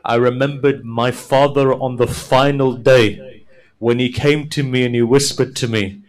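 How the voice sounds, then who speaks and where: A man preaching a mourning sermon at a middle pitch. He tells the story slowly and quotes each figure, then climbs into high, loud, grief-stricken cries. His delivery sounds impassioned and devout. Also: steady tone, poor audio. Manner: builds from soft storytelling to high, loud, wailing climax; quotes figures in dialogue while narrating. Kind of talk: Muharram sermon, mourning narration.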